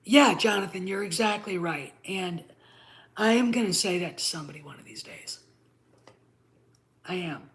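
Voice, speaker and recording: A woman's voice: fairly low pitch, moderate pace, pauses often. A middle-aged woman hosting her own channel, ranting bluntly with frequent swearing and repeated "okay?" checks. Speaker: channel host. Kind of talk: ranting commentary to camera.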